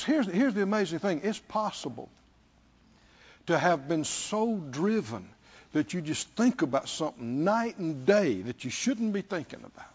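A man's voice: on the high side, husky, dull audio. A man preaching a sermon, telling stories, repeating words for emphasis and asking the congregation "Hmm?". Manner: lively storytelling, asks the congregation "Hmm?".

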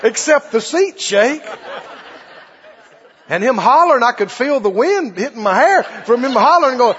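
An older man preaching a sermon, telling stories in a folksy, animated way that swings from quiet to hollering. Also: extremely high pitch, normal speed, husky. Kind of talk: sermon with storytelling. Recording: dull echoey hall recording.

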